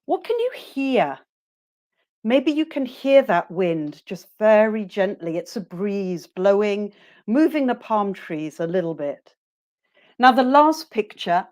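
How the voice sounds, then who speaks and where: A woman teacher trainer leads a webinar, modelling short phrases slowly for her listeners to repeat. Her pitch rises and falls in a lively, encouraging way, and she keeps an unhurried pace throughout.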